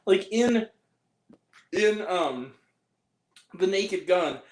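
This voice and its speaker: A high-pitched man talks about movies in a loose, excitable way and laughs often. His voice rings around an echoey room. He keeps acting out lines from comedies. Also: drawn-out words. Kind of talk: casual chat about movies.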